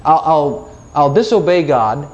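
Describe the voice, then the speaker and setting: A man with a slightly raised pitch gives an informal sermon in a loose, chatty way. He is animated and playful, slipping in little asides and acting out his own prayers as quoted dialogue. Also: a little slow, lo-fi sound. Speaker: preacher.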